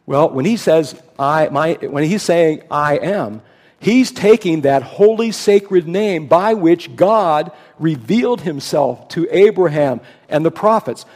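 A man's voice: fairly high pitch, darkish tone, husky. A man preaching a sermon, emphatic, rising to stress his key points. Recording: long hall reverb.

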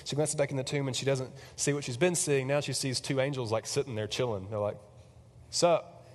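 A man preaching in a casual, animated storytelling style, chatty and full of fillers, who acts out the people in his story. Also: medium pitch, fast, slight background noise. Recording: long hall reverb.

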